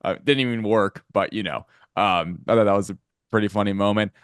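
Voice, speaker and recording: A man with a fairly low voice talks through his favourite moments of an episode. He rambles loosely and leans on filler words. His voice is recorded close and dry. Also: a little fast, clean tone, no room sound. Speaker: podcast co-host. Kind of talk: casual film review chat.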